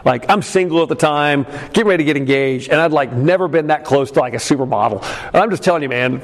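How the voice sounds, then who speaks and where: A man preaching a sermon as a pastor, telling a personal story with many fillers and some shouted peaks. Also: a little high, quick pace. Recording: long hall reverb.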